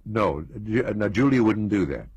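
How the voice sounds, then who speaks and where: A man's voice: lowish voice, very animated, normal speed, darkish tone, slightly rough, dry recording, muffled recording. An older American man reminiscing in an interview, telling stories with chuckles and asides. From United States. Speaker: interview guest.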